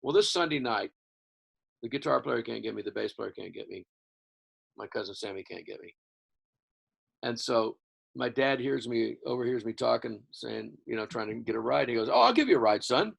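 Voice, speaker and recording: Gravelly older man telling a story. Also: mid-range voice, normal speed, pauses often. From Houston, Texas. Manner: rambling, animated storyteller with restarts. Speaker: guest musician. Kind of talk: storytelling in an interview.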